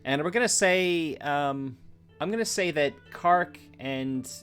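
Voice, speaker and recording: A man's voice: a little high, animated, slow, fairly bright tone, soft background music. A man running a tabletop game as game master, explaining rules with many fillers and restarts.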